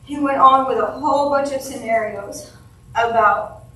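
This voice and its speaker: A woman's voice: high-pitched, recorded from a distance. Emotional woman giving a eulogy in an echoey hall. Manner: emotional, halting, with restarts and soft laughs. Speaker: family member giving a eulogy. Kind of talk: eulogy read from notes. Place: funeral home chapel.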